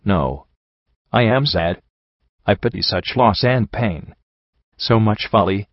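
Guy doing a calm wise zebra storyteller lady, formal and teasing, low voice, dry muffled recording. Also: no echo, heavily acted. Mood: thoughtful. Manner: measured, formal, gently teasing. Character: gentle wise female zebra storyteller, a mother. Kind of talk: fan audiobook character reading.

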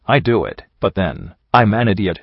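A brave but anxious young pony mare who speaks haltingly, voiced by a male narrator in his own low register. The recording is dry and slightly dull. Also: animated, slightly rough, no echo. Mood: nervous. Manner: hesitant and nervous.

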